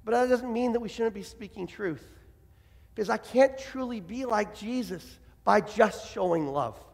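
A man's voice: very high-pitched, gravelly, in a large hall. A man preaching a sermon as pastor, impassioned and acting out the voices he quotes.

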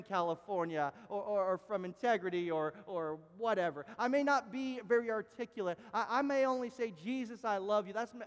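High-pitched pastor guy preaching, keeps repeating himself, big echoey church sound. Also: fairly bright tone. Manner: emphatic, repeats words and restarts phrases often. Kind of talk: sermon. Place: church sanctuary.

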